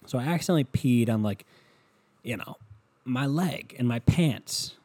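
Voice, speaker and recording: A man's voice: mid-range voice, lively intonation, normal speed, darkish tone. A young man from Ohio telling a long, rambling, profane story about his school days in a casual monologue. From Ohio, USA. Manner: profane, rambling, self-mocking.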